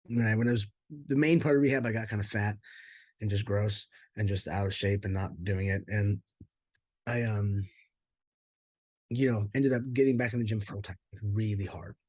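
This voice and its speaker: A man's voice: lowish voice, steady tone, moderate pace, a little mellow, no echo. A man telling his life story in an interview, candid and rambling, with many fillers and casual swearing. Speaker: interview guest, former pro fighter.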